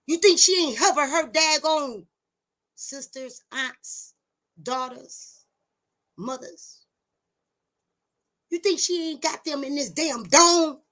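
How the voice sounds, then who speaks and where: A woman's voice: high-pitched, takes it slowly, long pauses, fairly bright tone. A woman delivering a preachy monologue straight to her viewers, blunt and emphatic, swearing, repeating words for stress and taunting them with rhetorical questions. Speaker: self-styled teacher addressing viewers. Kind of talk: preachy direct-to-camera monologue.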